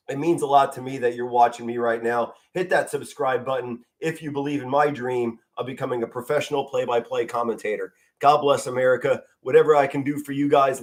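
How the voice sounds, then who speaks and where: A middle-aged Pennsylvania man stands at home in front of a flag, doing amateur play-by-play of a football game on a live fan commentary stream. His mid-range voice is passionate and emotional; he moves around as he talks and occasionally stutters or stumbles over words.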